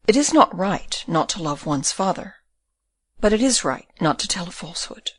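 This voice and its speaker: A woman's voice: fairly low pitch, animated, normal speed, breathy edge, no echo. A woman reading the part of a shy but proud young woman in an audiobook, timid and truthful. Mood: earnest.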